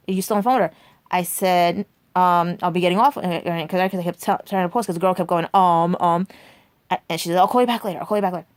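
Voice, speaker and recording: A woman's voice: mid-range voice, dry recording. A woman in her forties telling a rambling personal story to her viewers, chatty and full of asides like "right?" and "and everything". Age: 40s. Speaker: vlogger.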